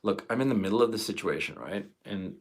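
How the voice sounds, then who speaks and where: A man's voice: fairly low pitch, animated, fast. A man in his fifties ranting on a live stream, emotional and profane. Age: 50s. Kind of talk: angry live stream monologue.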